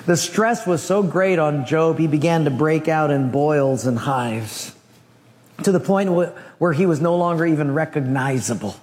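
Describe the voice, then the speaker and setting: A man preaching a sermon, telling a Bible story in an animated way with humorous asides. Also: fairly high pitch, moderate pace, long reverb tail. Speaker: pastor.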